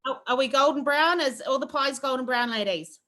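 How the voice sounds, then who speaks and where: A woman's voice: high-pitched, fairly quick, pushed and bright. A woman teaching a cooking class over a video call, chatty and rambling with lots of fillers. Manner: rambling, friendly, with filler words.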